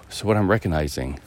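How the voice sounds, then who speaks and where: Very deep-voiced man musing aloud. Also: slight background noise. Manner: rambling, musing, with many fillers and restarts. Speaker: podcast host. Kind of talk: casual reflective monologue. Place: outdoors, walking a dog through a neighborhood.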